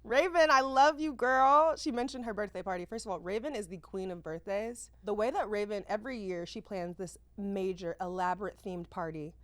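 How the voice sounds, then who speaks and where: A woman in her thirties hosting a podcast, chatting casually in a lively, slangy, exclamatory way. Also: medium pitch, fairly quick, hardly any pauses, no echo. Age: 30s. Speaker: podcast host.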